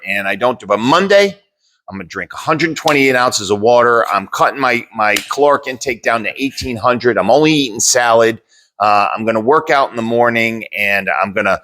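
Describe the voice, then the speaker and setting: A blunt man co-hosting a podcast with a somewhat low voice. He talks casually, swears freely and walks through everyday examples. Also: a bit bright. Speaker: podcast co-host and gym owner. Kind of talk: casual chat.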